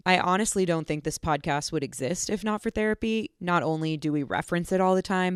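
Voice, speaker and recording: A woman co-hosting a podcast in casual chat, calm and thoughtful, telling stories in an easygoing way. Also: deep voice, clear, resonant tone, dry recording, clean studio sound. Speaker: podcast co-host.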